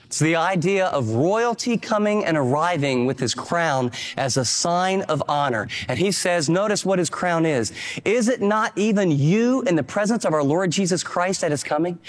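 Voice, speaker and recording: A man's voice: expressive, normal speed, long reverb tail. A man preaching a sermon, emphatic, acting out the quotes he reads. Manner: emphatic, acts out quotes with rising pitch. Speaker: pastor.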